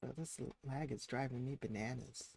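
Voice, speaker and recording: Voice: mid-range voice, moderate pace, vocal fry, a little mellow, slight background noise. A game streamer chatting casually through a live stream, talking to the characters on screen as they play. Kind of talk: casual live-stream commentary while playing.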